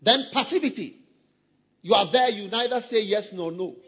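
A pastor preaching a sermon, breaking into high shouted mimicry of people he describes. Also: lively intonation, moderate pace, slightly rough, in a large hall, highs cut off. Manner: acts out quoted voices, shouting high mimicry.

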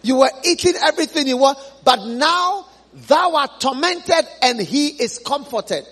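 A man preacher voicing Abraham as an old patriarch calmly lecturing a rich man. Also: very high voice, measured pace, heavily acted. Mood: stern.

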